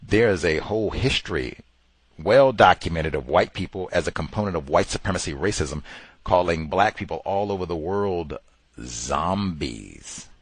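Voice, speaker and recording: Husky low-voiced guy ranting on his podcast, dry mic, does little voices for people he quotes. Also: expressive, normal speed, no room sound. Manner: emphatic, impersonates people he quotes. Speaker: podcast host. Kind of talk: commentary monologue.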